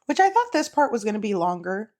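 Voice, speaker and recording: A woman co-hosting a podcast, chatting casually about a book, with quick interjections and dramatic asides. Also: medium pitch, sing-song, darkish tone. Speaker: podcast co-host.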